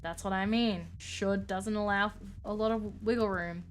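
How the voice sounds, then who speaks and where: A woman's voice: mid-range voice, fairly even intonation, measured pace, soft background music, natural voice. A woman voicing a patient male cowboy therapist, with a put-on American Western accent and a folksy, reassuring way of talking.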